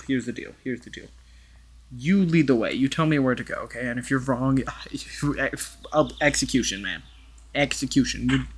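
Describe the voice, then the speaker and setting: A man's voice: medium pitch, a bit bright, husky. A young man giving rambling, casual commentary while playing a VR game, swearing and talking to the characters on a headset mic. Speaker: gaming YouTuber.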